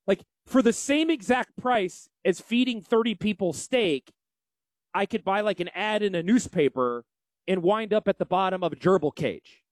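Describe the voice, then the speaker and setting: A man with a Yankee accent hosting a financial show, brash and salesy in a folksy promotional pitch. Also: expressive, normal speed, no echo. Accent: Northeastern US. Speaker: financial advisor and show host. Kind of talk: promotional radio talk.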